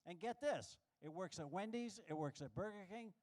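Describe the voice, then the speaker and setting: Male stand-up from New York, high voice, brash self-deprecating club comic. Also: animated, normal speed, a little mellow. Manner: brash, self-mocking punchline delivery. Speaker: stand-up comedian. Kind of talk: stand-up comedy set. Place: live comedy showroom with audience.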